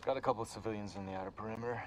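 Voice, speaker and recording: A man playing a clipped soldier, low voice. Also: steady tone, rapid-fire, slight background noise, close to an everyday voice. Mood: tense. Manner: clipped, military. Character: curt male soldier on radio duty. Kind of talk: video game cutscene acting.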